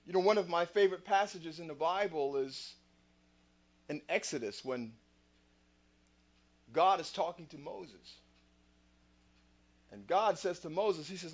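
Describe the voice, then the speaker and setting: A male host giving a motivational talk, preacher-like and full of rhetorical questions. His voice sits fairly high. The recording sounds dull and lo-fi. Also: lively intonation, a little slow, long pauses.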